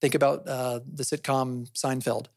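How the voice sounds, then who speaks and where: Slightly slow and a little mellow, this podcast host's mid-range voice moves little in pitch. He explains conversationally, asking and answering his own questions and often adding "right?", in a studio recording with no room sound.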